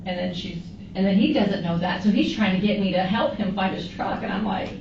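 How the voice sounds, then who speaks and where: A woman questioned by police, recounting past events in a rambling, animated way full of quoted dialogue. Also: mid-range voice, brisk. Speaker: witness interviewed by police. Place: police interview room. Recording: roomy, muffled, noisy, distant interview room recording.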